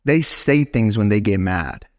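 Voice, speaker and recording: A young man preaching a sermon as pastor in a church, animated and talking straight to his congregation. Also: lowish voice, unhurried. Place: church sanctuary.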